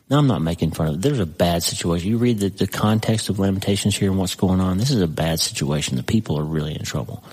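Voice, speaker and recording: A man preaching a sermon, reading scripture aloud slowly with dramatic pauses and breaking into conversational asides to the listener. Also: sits low, a little mellow, husky, poor audio.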